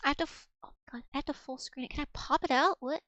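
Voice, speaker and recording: A woman's voice: high-pitched, racing, fairly bright tone, dry recording, lo-fi sound. A woman VTuber streamer in casual livestream chat, rambling along with lots of fillers and restarts.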